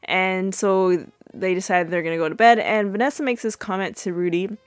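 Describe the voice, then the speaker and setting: A woman hosting a podcast, casually recapping a TV episode with many fillers and sudden high-pitched acted-out quotes. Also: fairly even intonation, moderate pace, dry recording. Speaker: podcast host.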